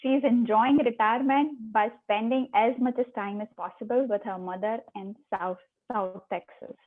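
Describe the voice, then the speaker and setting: A woman hosting an online meeting, reading a formal introduction of a speaker in a measured way. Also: fairly high pitch, fairly even intonation. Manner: measured, reads out a prepared bio. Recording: phone-like video call audio.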